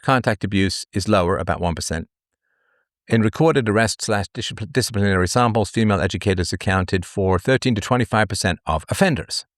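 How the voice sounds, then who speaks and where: A man's voice: fairly low pitch, fairly quick, no room sound, clean studio sound. A man hosting a livestream monologue, reading statistics and repeating his phrases for emphasis. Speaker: livestream host. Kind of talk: commentary monologue.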